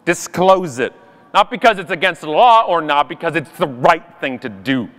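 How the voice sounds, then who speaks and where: A man giving an animated, jokey conference keynote from a stage. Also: on the high side, normal speed. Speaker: conference speaker. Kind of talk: keynote talk. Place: large conference hall. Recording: long hall reverb.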